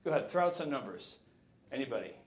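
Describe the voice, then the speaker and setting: A man in his fifties giving a jokey, animated keynote talk to a live audience. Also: medium pitch, fast talker, crowd noise. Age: 50s. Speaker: keynote speaker. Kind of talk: conference talk. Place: lecture hall. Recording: echoey hall.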